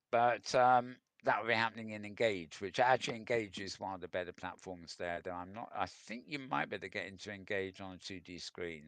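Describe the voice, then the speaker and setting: A man's voice: fairly low pitch, fairly bright tone, dry recording. A man hosting a casual news roundup, reading out articles with wry asides, chuckles and plenty of ums. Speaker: news show host.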